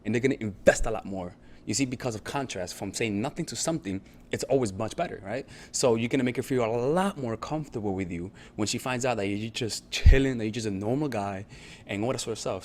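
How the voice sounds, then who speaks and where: A man's voice: medium pitch, quick pace, a little mellow, a little hiss or hum. A man coaching on dating in a casual, conversational talk, often checking in with his listener and swearing freely. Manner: conversational, repetitive check-ins, profane.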